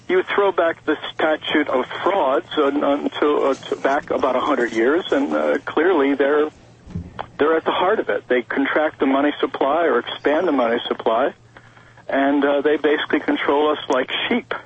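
A man with a very raspy, slightly high voice calls in to a radio show. He rambles along with fillers and restarts, heard through a dull phone line. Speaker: caller. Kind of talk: call-in talk radio. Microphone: telephone.

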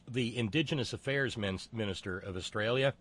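A man hosting a political talk show, with wry, sarcastic asides and many pauses and fillers. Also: on the low side, fairly bright tone.

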